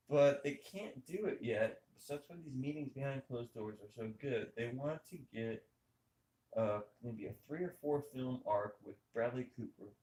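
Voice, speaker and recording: Male podcast host, mid pitch, emphatic opinion talk, roomy echo. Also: slight background noise. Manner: animated, emphatic, rhetorical questions. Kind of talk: casual opinionated chat over gameplay. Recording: echoey room.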